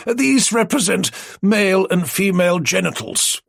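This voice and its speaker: A man's voice: sits high, animated, measured pace, creaky, fairly bright tone, dry recording, studio quality, voice pushed up, exaggerated voice. A man voicing a mischievous older man who teases and splutters with barely held laughter. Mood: giggly.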